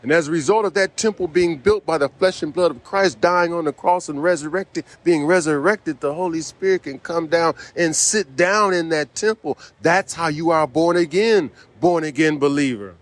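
A man delivering a sermon in an emphatic, repetitive preaching manner. His voice sits a little higher than most men's, and he keeps tossing in "see" as he drives his points home. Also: normal speed, few pauses.

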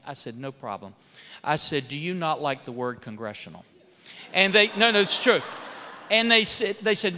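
A man with a notably high, bright and ringing voice gives a speech to a church gathering. He tells stories and acts out the dialogue, rising in volume for emphasis and sinking softly at the ends of phrases. His voice carries a long reverb, as if heard in a big hall. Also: expressive, moderate pace. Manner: storytelling with rising and falling emphasis, quoting others in dialogue. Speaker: congressman speaking at a church.

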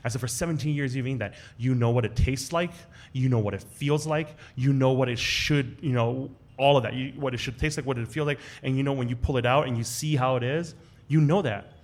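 A man telling a personal story in a casual way to a live audience at a restaurant event, slipping into the voices of the people he quotes. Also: brisk. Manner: animated, acts out quoted voices with big jumps in pitch. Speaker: guest storyteller on a live podcast show.

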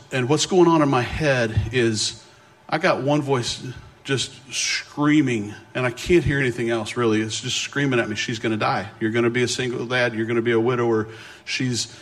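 A middle-aged man giving a sermon as a guest speaker, telling a personal story with animated pitch jumps and frequent restarts.

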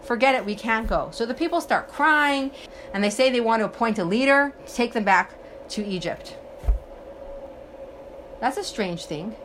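A woman with a slightly high voice leads a religious text study, reading Hebrew lines and then unpacking them in plain terms. She retells the story with animated questions to her listeners. A faint hiss of background noise sits under her voice. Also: normal speed, long pauses. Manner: reads Hebrew text then translates and explains. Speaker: Torah teacher.

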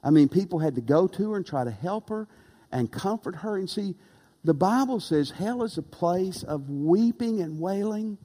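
A man preaching a sermon as pastor, earnest and emphatic, with dramatic pauses. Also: high voice, lively intonation, dark tone. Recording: long reverb of a large hall.

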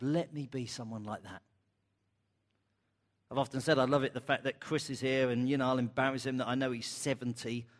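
A middle-aged man preaching a sermon, animated, acting out the voices of the people he quotes. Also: big-room sound. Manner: animated, acts out quoted voices with big pitch jumps. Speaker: pastor.

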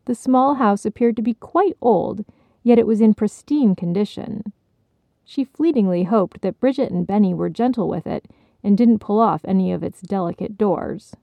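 Woman storyteller, measured read, gravelly and dark, dry close sound. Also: medium pitch, dry recording, dull audio. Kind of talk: scripted story narration.

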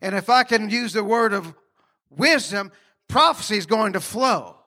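A man's voice: high-pitched, expressive, normal speed, bright, forceful tone. A man preaching a sermon in a folksy, conversational way, with laughing asides and questions put to the congregation.

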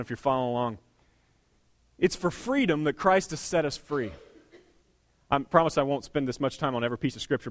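Pastor, male, high voice, dry close sound; chatty sermon delivery with humorous asides, slows down to press a point. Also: dry recording. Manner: conversational preaching, joking asides, slowing for emphasis.

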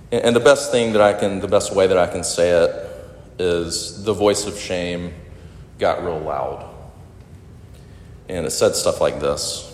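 A man with a fairly low voice preaches in a church, earnest and personal, leaning on words by slowing down. His voice rings out in a large room with a long, trailing reverb. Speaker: pastor. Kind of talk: sermon. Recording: echoey hall with long reverb.

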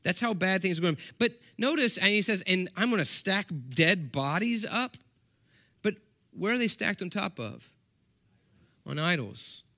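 A man's voice: high voice, expressive, a little slow, pushed and bright. A man, a senior pastor, preaching a sermon in a conversational way, asking the congregation questions and reading scripture aloud with emphasis.

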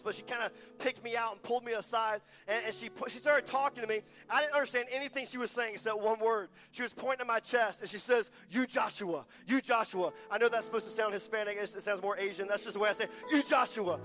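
A man's voice: high voice, fairly bright tone. A man preaching a passionate, emphatic sermon as a guest speaker, repeating lines for weight.

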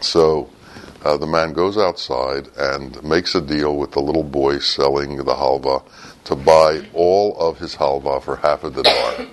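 A man teaching a sermon through a story, with sudden loud, high bursts breaking up his low, quiet telling. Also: steady tone, a little slow, low-quality recording.

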